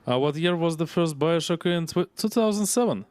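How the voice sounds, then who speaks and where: A man's voice: fairly high pitch, expressive, a little fast, a little mellow, smooth, no echo. A man streaming a video game, chatting casually and laughing often as he plays. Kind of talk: casual gameplay commentary.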